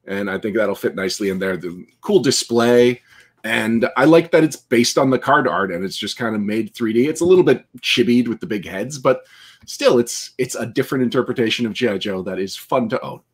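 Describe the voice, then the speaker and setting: Husky man talking from off mic. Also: mid-range voice, animated, brisk. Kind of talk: casual chat.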